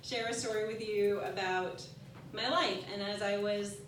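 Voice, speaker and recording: On stage at a storytelling event, a woman in her 40s tells something personal, frank and poking fun at herself amid nervous laughs. Her medium-pitched, steady voice keeps a measured pace, heard distantly in an echoey room with slight background noise.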